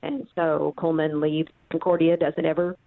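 A woman from central Missouri speaks in a low, fairly flat voice at normal speed, with vocal fry. An author appearing as a guest, she explains history through thoughtful storytelling full of ums. It's a phone interview heard over a tinny line.

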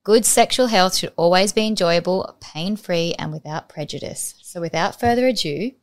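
A woman with a somewhat low voice reads out a scripted guest introduction for a podcast. She drifts into chatty asides with light laughs between the prepared lines. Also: moderate pace. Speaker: podcast co-host.

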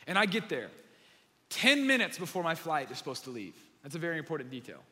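A man preaching a sermon, telling a lively story and then praying earnestly over a congregation. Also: on the high side, quick pace. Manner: animated storyteller, earnest in prayer. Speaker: pastor. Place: large room with congregation. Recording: long hall reverb.

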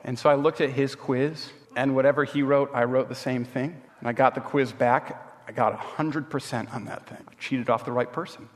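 A man's voice: medium pitch, fairly even intonation, moderate pace. A man preaching a sermon, telling personal stories in a conversational way and acting out what his friends said. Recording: long reverb.

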